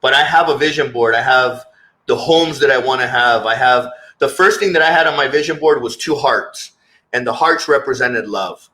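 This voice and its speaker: A man's voice: medium pitch, normal speed, pushed and bright, poor audio. A man speaking as a guest in a candid interview, earnest and reflective, often repeating words as he searches for his thoughts.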